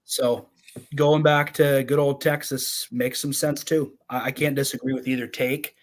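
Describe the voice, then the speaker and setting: A man co-hosting a sports podcast, calmly steering topics with folksy phrases. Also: mid-range voice, normal speed. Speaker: podcast co-host. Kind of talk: casual sports chat.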